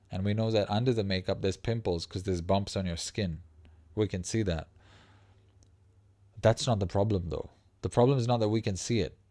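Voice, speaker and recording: A man hosting a casual livestream as a life coach, talking in a profane, animated way that breaks into laughs mid-sentence. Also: fairly low pitch, no echo.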